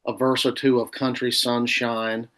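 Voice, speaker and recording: A man hosting a casual podcast chat, teasing his friend and pausing on drawn-out fillers. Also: medium pitch, level tone, crowd noise. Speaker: podcast host.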